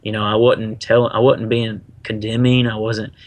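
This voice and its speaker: A man, middle-aged, telling a personal story in a casual, animated way, full of slang and acted-out quotes. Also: fairly low pitch, moderate pace, no echo. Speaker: guest.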